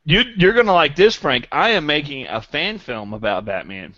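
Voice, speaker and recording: A man's voice: on the high side, moderate pace, dry recording, dull audio. A man co-hosting a podcast, trading playful, boastful jokes in casual banter. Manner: playful, boastful deadpan bits. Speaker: podcast co-host.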